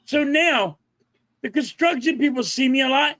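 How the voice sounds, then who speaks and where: A middle-aged man with a Philadelphia accent talks in a very high voice, recorded dry and close. He is an animated storyteller who acts out the other people's lines and swears casually, as a podcast co-host in a relaxed chat. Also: normal speed, dry recording.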